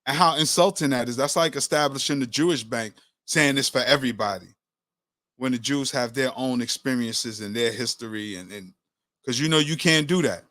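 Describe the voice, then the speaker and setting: A man's voice: medium pitch, moderate pace, sharp tone, no echo. A man hosting a casual political talk show, affirming his co-hosts and speaking. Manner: affirming, calls others sis and brother.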